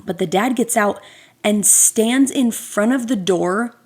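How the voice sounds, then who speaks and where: A woman hosting a podcast, telling a story as a casual rant in an animated, sarcastic way with lots of fillers. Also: mid-range voice, slow pace. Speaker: podcast host.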